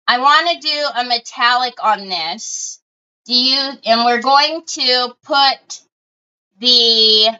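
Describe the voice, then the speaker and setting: A woman's voice: fairly high pitch, pushed and bright, smooth, dull audio. A middle-aged woman, chatting casually with viewers while crafting on a livestream and telling stories. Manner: chatty storyteller, talks to viewers as y'all.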